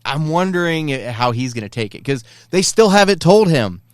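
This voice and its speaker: Excited male podcast co-host, smooth voice. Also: on the high side, normal speed, dry recording, clean studio sound. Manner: excited fan, acts out quoted lines. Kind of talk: casual chat.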